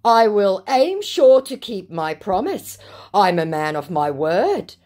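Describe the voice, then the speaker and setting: A woman's voice: medium pitch, very animated, takes it slowly, a little mellow, voice pushed up. A woman reading out the messages of a smarmy male scammer pretending to be a celebrity, overeager and wheedling.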